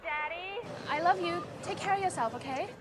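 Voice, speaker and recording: An actress playing a devoted young daughter who speaks softly and tenderly to her father, in a film clip. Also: very high-pitched, moderate pace, noisy background. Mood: affectionate.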